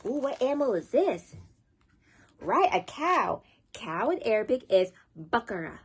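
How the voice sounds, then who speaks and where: A woman leading a children's storytime as librarian, encouraging and sing-song, teaching words slowly. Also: a little high, very animated, breathy edge.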